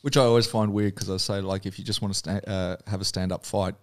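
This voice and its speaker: Man, low voice, host, casual interview, rambling questions. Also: steady tone, quick pace. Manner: loose, rambling questions with many fillers.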